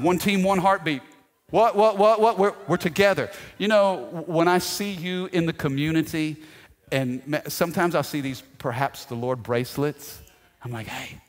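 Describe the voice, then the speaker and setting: Male pastor, sermon delivery, slightly high voice, big reverberant sanctuary sound. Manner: animated storytelling, shouting out quoted lines. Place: church sanctuary. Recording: long hall reverb.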